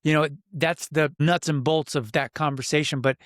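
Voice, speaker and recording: A man's voice: a little high, fairly even intonation, normal speed, fairly bright tone, no echo, studio quality. Earnest middle-aged man telling a personal story. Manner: earnest, reflective, acts out his own inner dialogue. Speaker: podcast guest, men's coach. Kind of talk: storytelling in a podcast interview.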